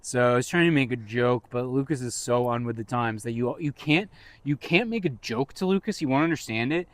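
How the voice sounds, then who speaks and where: A man's voice: medium pitch, a little fast, no echo. A man co-hosting a podcast in casual chat, rambling and teasing his co-host with jokes.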